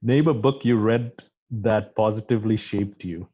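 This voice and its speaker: A man hosting a casual interview, reading off quick questions and hesitating often between phrases. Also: fairly low pitch, highs cut off. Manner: hesitant, many fillers and restarts. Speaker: interview host.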